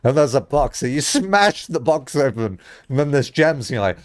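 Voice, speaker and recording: A man's voice: mid-range voice, expressive, measured pace, hardly any pauses, no room sound. A young adult man streaming a video game, rambling through comedic tangents and laughing often. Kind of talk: casual live-stream commentary.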